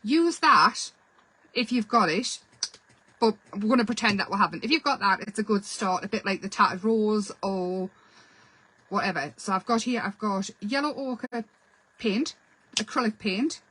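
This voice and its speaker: A woman's voice: mid-range voice, moderate pace, bright, forceful tone, breathy edge, low-quality recording. A woman hosting a casual painting tutorial, chatty and self-deprecating as she explains while she works. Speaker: craft channel host.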